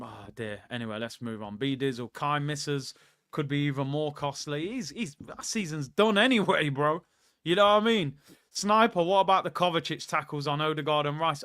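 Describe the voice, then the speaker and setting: A man's voice: on the high side, normal speed, a bit bright, smooth, no room sound, clean studio sound. A young man hosting a live football watchalong, ranting heatedly and reading out viewer messages. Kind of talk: live reaction commentary.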